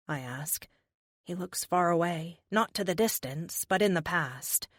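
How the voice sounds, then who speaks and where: A woman's voice: lowish voice, a little slow, no room sound, clean studio sound. Woman narrating a wry superhero audiobook. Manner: wry, emotive first-person delivery. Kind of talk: first-person audiobook narration.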